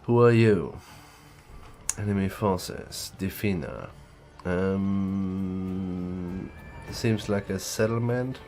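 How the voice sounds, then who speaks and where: A man's voice: low voice, very slow, darkish tone, soft background music. A man with a groggy just-woke-up voice, rambling casually while streaming a game. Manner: rambling, loose, swears casually. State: groggy morning voice. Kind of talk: casual gaming stream chat.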